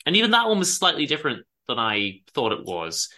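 Lively, bright-voiced man chatting about books. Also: medium pitch, fairly quick. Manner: animated storytelling, acts out characters; many ums and self-corrections. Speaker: podcast co-host. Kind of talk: casual book chat.

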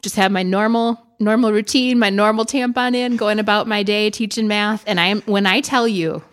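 Laughing, animated woman storyteller. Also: medium pitch, normal speed. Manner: animated storyteller, laughs often and acts out quotes. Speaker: podcast co-host. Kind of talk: casual chat.

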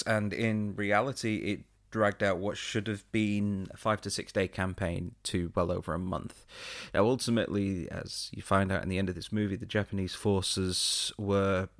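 A man's voice: low voice, dry recording, clean studio sound. A man co-hosting a podcast, explaining and reviewing films in a chatty, laid-back way. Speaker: podcast co-host. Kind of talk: casual film review chat.

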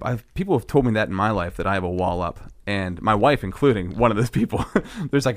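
A man in his thirties co-hosting a podcast, talking casually and retelling a story in a rambling, animated way. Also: lowish voice. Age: 30s. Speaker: podcast co-host. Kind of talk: casual faith podcast chat.

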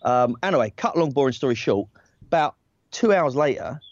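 A man in his forties tells stories casually, rambling and self-deprecating, often restarting his sentences. His voice sits at a middling pitch. It is recorded dry and a little dull through earbuds. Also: animated, normal speed, darkish tone, no room sound. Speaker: talent agent, guest. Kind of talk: casual anecdotal chat. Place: outdoors in a hammock. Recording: dry, slightly dull sound.

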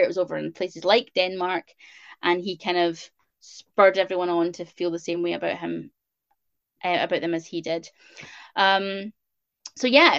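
A woman's voice: fairly low pitch, no echo, muffled recording. A woman with a Scottish accent co-hosting a casual history podcast, chatty with lots of filler words. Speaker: podcast co-host.

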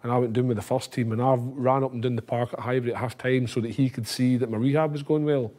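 A Scottish man rattles through a story at a quick clip in a slightly husky voice. He talks casually as a guest, switching into other people's voices when he quotes them. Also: medium pitch. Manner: animated, acts out quoted voices. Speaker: former footballer, podcast guest.

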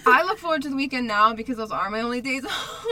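A woman co-hosting a casual chat podcast, talking loosely with lots of fillers and quick laughs. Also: fairly high pitch, expressive, a crowd in the background. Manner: chatty, laughs often, many fillers. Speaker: podcast co-host.

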